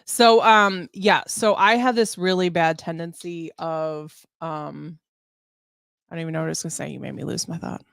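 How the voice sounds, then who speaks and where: Woman, lowish voice, chatty live-stream co-host who drifts off topic, dry close sound. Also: fairly even intonation, normal speed, creaky, a bit bright, clean tone, no room sound. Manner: chatty, easily sidetracked, laughing. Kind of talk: casual live-stream chat.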